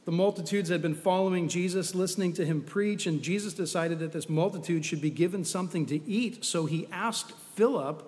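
A man's voice: on the high side, fairly quick, few pauses, a little mellow, in a large hall. A man preaching a sermon in a conversational, storytelling way with humorous asides.

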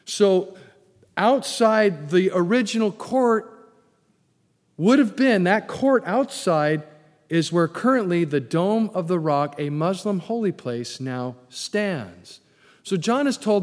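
A male pastor preaching a sermon, telling stories in an animated, emphatic way. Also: sits high, slow pace. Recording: long hall reverb.

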